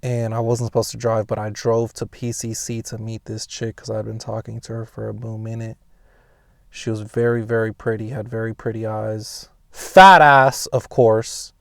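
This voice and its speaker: Young socal dude rambling thru a story, cussing nonstop, dry close sound. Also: male voice, completely flat delivery, moderate pace, vocal fry, no room sound. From Pasadena, California. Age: young adult. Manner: heavy swearing, slangy, rambling with restarts; gets loud and high-pitched when reenacting scenes. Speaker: host telling a personal story. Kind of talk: casual storytelling.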